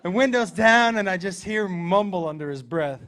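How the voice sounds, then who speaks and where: A middle-aged man tells a story on a comedy club stage and slips into each character's voice as he goes. His voice sits high and sounds bright and forward. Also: moderate pace. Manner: animated, acts out characters in the story. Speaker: stand-up comedian. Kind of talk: stand-up storytelling.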